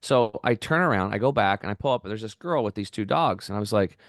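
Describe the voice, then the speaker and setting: A middle-aged man, a podcast guest, telling stories in an excited, rambling way and acting out the voices of the people in them. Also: lowish voice, fast talker, few pauses, dry recording, studio quality. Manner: enthusiastic, rambling, acts out quoted voices. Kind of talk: excited storytelling interview.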